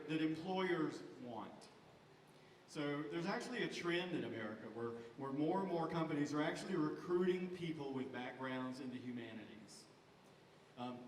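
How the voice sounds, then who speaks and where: A man giving a lively stage pitch for his theater company, leading the audience in call-and-response. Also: slight background noise. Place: large hall with an audience. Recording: echoey hall recorded from far off.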